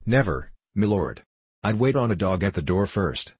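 Male reader doing a scornful young mother, curt and contemptuous, in a husky low voice. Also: big pitch swings, normal speed, a little mellow, no echo, exaggerated voice. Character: scornful young mother, sharp-tongued wife.

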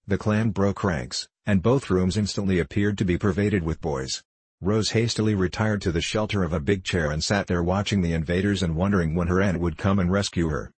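Man reading an old storybook, low husky voice, really dry sound. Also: no room sound. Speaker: audiobook narrator. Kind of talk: scripted narration of a classic novel.

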